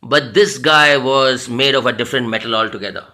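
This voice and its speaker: A man's voice: medium pitch, a little fast, bright, forceful tone. A man with an Indian English accent, a personality development trainer telling a story in a motivational talk, earnest and repeating phrases for emphasis.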